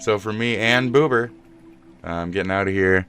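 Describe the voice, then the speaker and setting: A man with a lowish voice rambles through a live-stream sign-off, joking and swearing in playful mock outrage. Music plays clearly underneath him. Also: normal speed, fairly bright tone.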